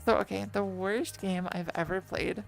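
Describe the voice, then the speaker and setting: A woman streaming while lying down, rambling casually and doubling back on her words. Her voice sits at an ordinary middle pitch with plenty of gravelly fry. Soft music plays faintly underneath. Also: fairly even intonation, moderate pace. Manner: rambly, self-correcting, chatty with viewers.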